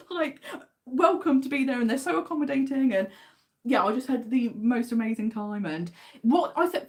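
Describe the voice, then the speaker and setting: A woman's voice: sits high, a little mellow. Chatty English woman hosting a livestream. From England. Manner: chatty, enthusiastic, reads out viewer comments. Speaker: livestream host. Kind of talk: casual livestream chat.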